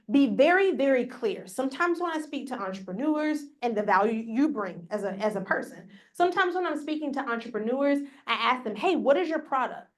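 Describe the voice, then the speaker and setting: Upbeat woman coaching a workshop room. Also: high-pitched. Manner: upbeat, coaching, speaks straight to the audience. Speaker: workshop presenter. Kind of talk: live workshop talk to a room. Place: conference room with a live audience. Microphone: on a mic, recorded for a hybrid audience.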